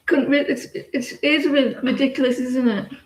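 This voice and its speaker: In a reverberant space with a noisy background, a woman in her forties reads tarot on a live stream and chats casually. Her voice sits high with a steady tone at normal speed, and she rambles, using many fillers and restarts.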